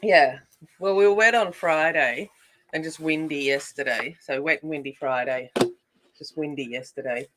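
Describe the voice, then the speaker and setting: An Australian woman hosting a casual colouring livestream. She chats while she works, greets viewers by name and thinks out loud. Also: low voice, moderate pace, heavy background noise. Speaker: adult colouring livestream host.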